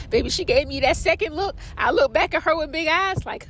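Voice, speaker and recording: A woman hosting a casual podcast, telling a story in an animated, dramatic way. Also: a little fast, few pauses, background noise. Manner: animated and dramatic, with expressive pitch jumps. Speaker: podcast host.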